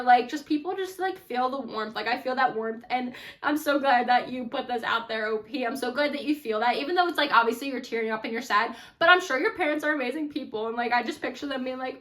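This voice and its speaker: A woman's voice: sits high, fairly bright tone. A woman hosting a casual reaction chat, talking in a chatty, gushing way with lots of "like" fillers. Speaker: host.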